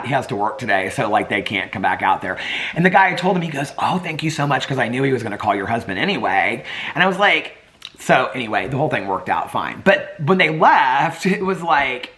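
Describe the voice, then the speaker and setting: A man vlogging at home, telling a long story to his camera in a bright, forceful voice. He is chatty and animated, laughs often and acts out the people he quotes, with his pitch swinging widely. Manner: drops to a hushed whisper near sleeping dogs. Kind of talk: casual vlog storytelling.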